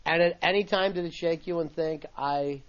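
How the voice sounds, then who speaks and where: A man's voice: a little high, normal speed. A male radio host interviewing a comedian, swapping his own stories from the comedy clubs and laughing along. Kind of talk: interview conversation. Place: radio studio. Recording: dull satellite radio broadcast.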